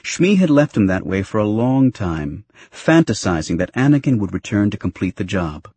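A male audiobook narrator reading a novel with expressive, storytelling delivery. His low, husky voice moves widely in pitch, recorded close and dry. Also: moderate pace, dry recording. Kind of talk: scripted narration.

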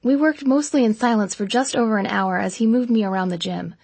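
A woman with a husky, gravelly voice reads a first-person audiobook at a steady, mid-range pitch. Her storytelling is even and unhurried, and the recording is close and bone-dry with no room sound. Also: no echo. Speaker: narrator. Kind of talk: audiobook narration.

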